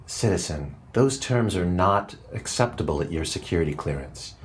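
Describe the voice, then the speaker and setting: A man's voice: low voice, lively intonation, normal speed, a little hiss or hum, pitched below the performer's own voice. A man voicing an officious, stern ruling computer in a tabletop game. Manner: curt, officious.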